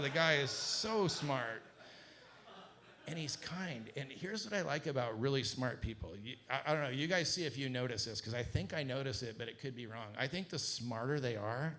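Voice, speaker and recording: Animated man telling a business story. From Southern California. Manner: animated, acts out quoted dialogue with rising pitch. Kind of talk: casual storytelling talk to an audience.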